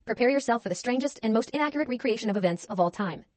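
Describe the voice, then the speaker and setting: A woman's voice: fairly high pitch, expressive, rapid-fire, a little mellow. A woman narrating a true-crime story in a scripted way, with dry, wry remarks.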